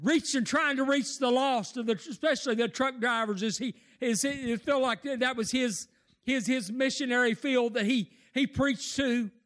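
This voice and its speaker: A preacher, a man with a strikingly high and bright voice, delivers an impassioned sermon. He rises into shouts and tearful cries as he builds. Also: moderate pace.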